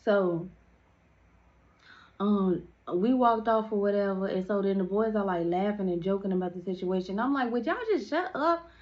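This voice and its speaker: A woman's voice: mid-range voice, steady tone, normal speed. Young woman telling a storytime, slangy and chatty, muffled lo-fi recording. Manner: chatty, slangy, frequent "like" fillers. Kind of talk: casual storytime vlog.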